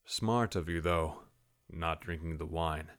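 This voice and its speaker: A man's voice: low voice, slow pace, fairly bright tone. A man voicing a cold menacing warrior captain. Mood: cold menace.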